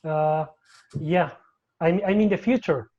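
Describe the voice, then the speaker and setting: A man's voice: fairly high pitch, slow, dark tone, dull audio. A man from Spain with a Spanish accent, speaking English as a second language, easygoing and a little hesitant on a video call. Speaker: guest maker.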